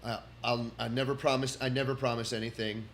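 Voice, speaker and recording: Rambling Texan male comic, mid-pitched voice, faint room hum, casual at-home stream. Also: flat delivery, fairly quick, fairly bright tone. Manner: rambling, restarts sentences, reads from notes. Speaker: comedian doing a livestream.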